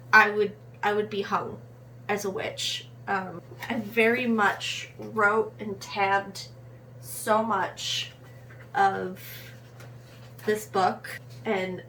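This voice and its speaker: A woman's voice: mid-range voice, sharp tone, slight background noise. A young American woman from Rochester, New York, reviewing a book in a casual vlog, earnest and impassioned, restarting her sentences as she goes. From Rochester, New York, USA. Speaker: book vlogger.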